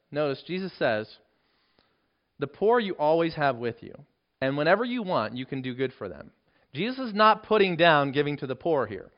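Earnest preaching man, lo-fi sound. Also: on the high side. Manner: earnest, emphatic preaching with sudden drops to a hushed voice. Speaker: pastor. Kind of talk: sermon. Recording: dull lo-fi sermon recording.

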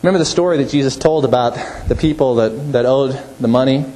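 A male pastor preaching a sermon, emphatic, rising to forceful peaks and dropping low. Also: fast, poor audio.

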